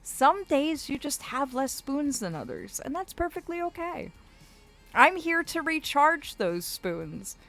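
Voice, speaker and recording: A woman's voice: a little high, fairly bright tone. A woman chatting casually with her livestream viewers, doting and theatrical, calling them darling.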